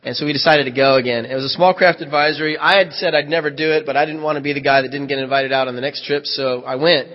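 A man's voice: fairly high pitch, fairly even intonation, quick pace, hardly any pauses. Man preaching in an echoey church hall. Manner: vivid first-person storytelling with reenacted dialogue. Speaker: pastor. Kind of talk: sermon storytelling. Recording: echoey hall, dull lo-fi sound.

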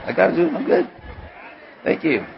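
A man preaching a sermon as pastor, animated, moving from hushed asides to shouts. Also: high voice, brisk, creaky, lo-fi sound, a crowd in the background, background noise. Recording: long hall reverb.

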